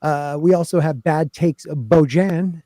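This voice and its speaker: A man's voice: a little high, unhurried, warm tone, no echo. A man hosting a casual podcast, upbeat and rambling, laughing easily as he introduces his panel. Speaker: podcast host. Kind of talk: casual chat.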